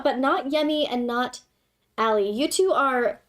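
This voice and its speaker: A woman's voice: sits high, measured pace. A young woman hosting a livestream, chatting with her viewers in a giggly, dramatic, playfully scolding way. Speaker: livestream host. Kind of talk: casual livestream chat with viewers.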